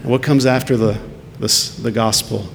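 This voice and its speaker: A male pastor preaches in an earnest sermon voice, pressing his listeners with rhetorical questions. His mid-pitched voice has a gravelly edge. It rings with a long hall reverb over a faint low rumble. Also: steady tone, moderate pace.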